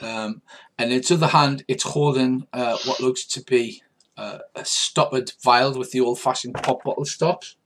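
A man's voice: mid-range voice, fairly even intonation, a little slow, fairly bright tone, slight background noise. A man as game master, narrating a tabletop role-playing scene with frequent hesitations and fillers. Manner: hesitant, full of fillers while describing.

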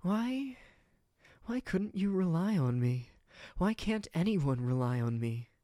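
Casting: man doing a high, wounded young woman knight, pleading, storybook reading. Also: big pitch swings, slow pace, mellow, no echo, clean studio sound, exaggerated voice. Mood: anguished.

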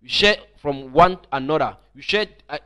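A man's voice: fairly high pitch, lively intonation, moderate pace, sharp tone, clean tone. A man preaching an online teaching sermon, emphatic and often repeating or restarting his phrases.

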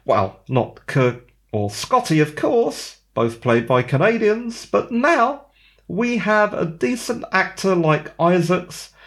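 Man, podcast host, solo commentary, unhurried, opinionated, conversational. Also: on the high side. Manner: opinionated, conversational, rhetorical questions.

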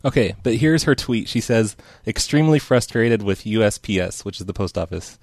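Low-voiced laughing prank show host. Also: male voice, animated, a little fast, slight background noise. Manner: laughs often, casual and joking. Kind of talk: casual chat and prank calling.

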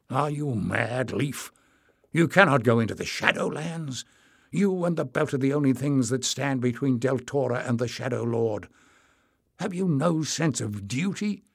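A man reading aloud, voicing a stern grown warrior who scolds his young friend slowly and bluntly. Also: mid-range voice, creaky, breathy edge, no room sound, studio quality.

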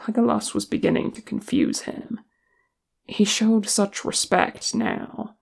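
A reader narrating a chapter of fan fiction in an unhurried, even way. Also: mid-range voice, gravelly. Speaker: audiobook reader.

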